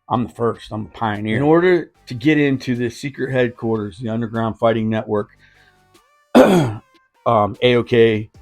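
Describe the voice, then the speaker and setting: A man's voice: mid-range voice, a little mellow. Rambling, joking man in his fifties. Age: 50s. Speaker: knife channel host. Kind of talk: casual vlog chat.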